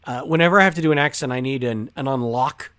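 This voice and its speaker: A man's voice: mid-range voice, fast, a bit bright. Easygoing chatty male actor guest. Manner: easygoing, chatty, with many fillers. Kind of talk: casual interview chat.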